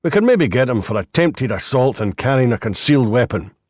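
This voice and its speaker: A man's voice: mid-range voice, big pitch swings, fairly quick, a little mellow, dry recording, clean studio sound. A man narrating an audiobook voices a blunt, boorish detective constable who talks brusquely and combatively.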